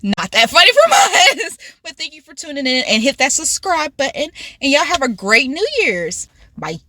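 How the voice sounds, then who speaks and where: A woman's voice: high-pitched, moderate pace, background noise. A young woman vlogger telling a funny story in a casual, giggly way. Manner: giggly, animated, laughs through the story. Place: car.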